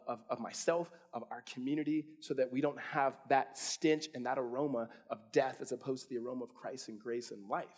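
A man preaching a sermon to a congregation in a conversational, animated way with playful asides. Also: on the high side. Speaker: pastor. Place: church hall before a congregation.

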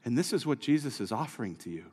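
A male pastor preaching a sermon who moves from quiet storytelling to raised, urgent exhortation. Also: medium pitch, very animated, fast talker, breathy edge. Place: church hall. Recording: live sermon with long hall reverb.

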